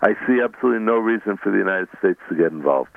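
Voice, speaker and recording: Low-voiced male guest, halting with many restarts, on a thin phone line. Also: lively intonation, vocal fry, dry recording. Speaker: guest, former mayor and author. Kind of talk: radio interview over phone.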